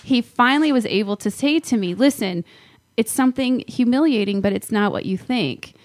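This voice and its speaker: A woman's voice: fairly high pitch, moderate pace. A woman hosting a casual talk show, telling a personal story in an earnest, reflective way. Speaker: host. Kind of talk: casual chat.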